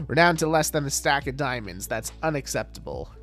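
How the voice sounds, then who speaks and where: A man's voice: mid-range voice, animated, moderate pace, fairly bright tone, faint music behind. A man streaming a game live, chatting casually and greeting viewers, with many fillers. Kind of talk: casual livestream chat.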